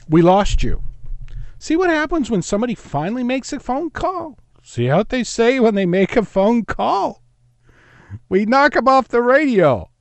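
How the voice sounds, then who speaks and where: A man's voice: high-pitched, a little mellow, dry recording. A man from East Los Angeles hosting a call-in talk radio show, rambling and jumping between topics.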